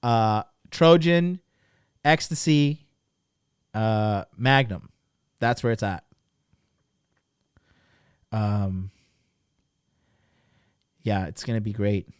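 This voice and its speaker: A man hosting a livestream, telling a crude story to his chat in a casual, animated way, swearing freely. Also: on the low side, very slow, long pauses, clear, resonant tone, no echo, clean studio sound. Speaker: livestream host. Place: lived abroad in Japan.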